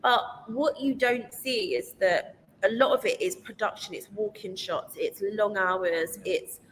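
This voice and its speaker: A woman guest chatting casually on a podcast, telling animated stories and acting out what people said. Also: medium pitch, measured pace. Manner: animated storyteller who acts out quotes. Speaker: guest, business owner and TV contestant. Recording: long hall reverb with faint noise.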